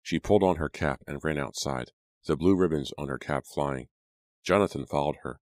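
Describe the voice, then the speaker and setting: A man narrating a horror audiobook in a measured storytelling manner. His voice is extremely deep, and the recording is dry and close with no room sound. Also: darkish tone, dry recording. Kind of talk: scripted narration.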